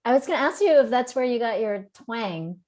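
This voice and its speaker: A woman's voice: fairly high pitch, expressive, brisk, darkish tone. A woman hosting and interviewing a guest over a video call, asking friendly questions and laughing often. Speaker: event host and interviewer. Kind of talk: casual interview.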